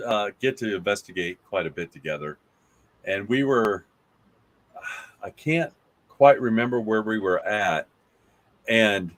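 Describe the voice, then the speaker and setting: Man, podcast guest, bright voice, lively pitch, jokey. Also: rough recording. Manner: playful joking storyteller. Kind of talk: casual chat.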